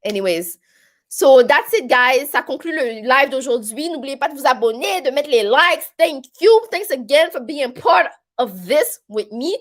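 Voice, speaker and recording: A woman's voice: high voice, expressive, normal speed. A woman with a Québécois French accent talks through a casual live stream as its host. She rambles in a chatty way, full of fillers, in a slightly raised voice. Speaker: live stream host reading viewer comments.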